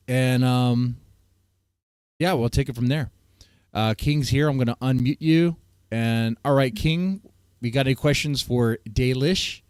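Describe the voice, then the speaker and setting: A man's voice: mid-range voice, darkish tone, clean tone, no echo, clean studio sound. A man hosting a casual stream chat, joking crudely and rambling with fillers. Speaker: host.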